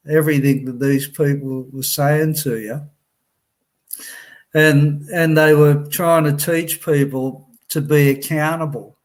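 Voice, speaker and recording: Slow, halting man telling his story. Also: fairly high pitch. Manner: halting, with many restarts and repeated words; wry, laughs at his own memories. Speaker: person recounting his time in a residential program. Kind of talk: personal storytelling.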